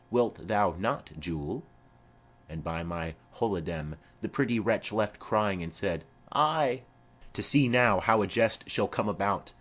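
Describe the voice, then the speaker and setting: A man's voice: lowish voice, fairly bright tone. A man reading a play aloud, voicing a garrulous, rambling old nurse who fondly chatters on.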